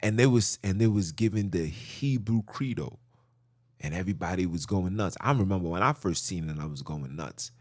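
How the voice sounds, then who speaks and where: Animated preachy podcast man, lively pitch. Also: normal speed, dry recording, clean studio sound. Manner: animated, preachy, repeats himself for emphasis. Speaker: podcast host. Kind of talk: impassioned religious monologue.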